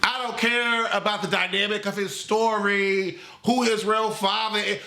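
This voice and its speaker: Animated, sassy man with gravelly high voice. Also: moderate pace, few pauses. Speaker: movie critic. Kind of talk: comedic movie review. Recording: roomy echo.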